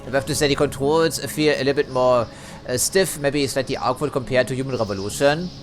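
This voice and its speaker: A man's voice: medium pitch, a little fast, soft background music. A man giving casual let's play commentary, chatty, hedging and dryly critical as he plays.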